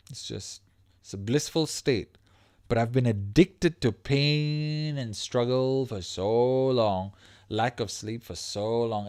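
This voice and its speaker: A man hosting a casual livestream as a life coach, talking in a profane, animated way that breaks into laughs mid-sentence. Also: medium pitch, no room sound, studio quality.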